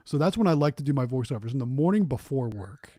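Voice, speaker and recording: A man chatting casually on a livestream about making vending videos, quick and full of fillers. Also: mid-range voice, animated, dark tone, no echo, clean studio sound. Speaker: vending business YouTuber, co-host.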